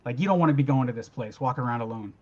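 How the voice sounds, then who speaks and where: A man's voice: medium pitch, rapid-fire, a little mellow, highs cut off. A man co-hosting a casual fan discussion, pointing out details with lots of "like" and fillers. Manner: detail-focused, filler-heavy, uses "like" often. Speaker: co-host. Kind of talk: casual chat.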